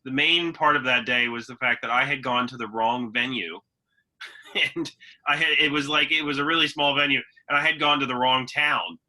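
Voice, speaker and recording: A man's voice: mid-range voice, normal speed, sharp tone, low-quality recording. A man co-hosting a podcast, chatting in an easygoing way with fillers and restarts. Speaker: podcast co-host. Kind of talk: casual chat.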